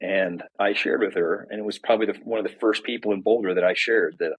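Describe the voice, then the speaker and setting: Husky middle-aged man, candid storyteller. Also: lowish voice, brisk, low-quality recording. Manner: candid, animated explainer. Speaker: podcast guest, entrepreneur. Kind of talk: conversational storytelling.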